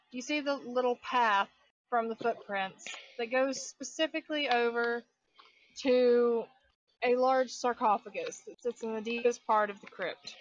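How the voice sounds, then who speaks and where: A fairly high-voiced woman serves as game master for a tabletop game, narrating and asking for rolls in an easygoing way full of "so" and "okay". The recording sounds dull and dry. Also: no echo. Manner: relaxed, with many fillers and restarts.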